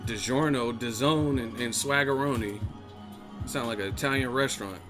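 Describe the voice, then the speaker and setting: Guy ranting on his boxing live stream, cussing a lot, roasting ppl in chat, bit of music low in the back. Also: normal speed. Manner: profane, mocking ranting. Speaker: boxing channel host.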